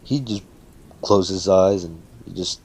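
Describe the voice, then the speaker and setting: A man with a deep, low voice tells a fan-made story in a loose, casual way. He swears freely and keeps tossing in fillers as he goes. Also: a little slow, darkish tone, breathy edge. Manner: loose and profane, with frequent fillers.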